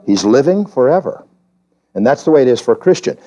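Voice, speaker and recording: Animated male preacher with a dull recording. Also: fairly quick. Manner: emphatic preaching, climbing high when stressing points; asks the congregation questions. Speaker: pastor. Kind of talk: evening sermon teaching. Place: church during a service.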